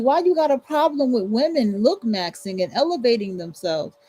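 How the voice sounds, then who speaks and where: Woman, husky, blunt profane rant, casual livestream host. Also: a little high, expressive, normal speed, dark tone, no echo, low-quality recording. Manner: blunt, profane, emphatic repetition. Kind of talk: casual ranting commentary.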